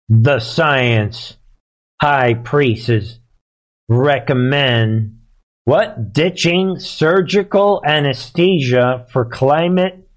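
A man hosting live political commentary, sarcastic and heated, and he often laughs. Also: mid-range voice.

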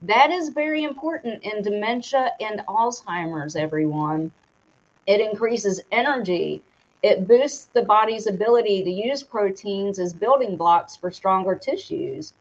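Her medium-pitched voice has lively intonation and an unhurried pace. As co-host of a casual live stream, she reads out a sponsor's product details, gets tangled on hard words, and laughs at herself, over dull lo-fi audio.

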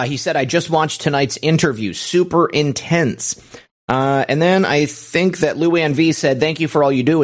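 A man hosting a live stream, reading viewer thank-yous aloud in a brisk, casual way with frequent fillers. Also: on the high side. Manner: brisk, reads out names with fillers. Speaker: host.

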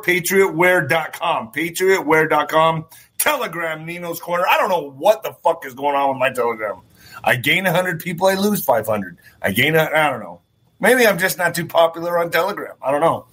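A man talks straight to his viewers in a loose, rambling monologue, circling back to repeat his points and dropping the odd curse. His voice sits a little high and rings with a bright, forward tone. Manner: rambling, repeats phrases, swears. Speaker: show host. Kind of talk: casual commentary monologue.

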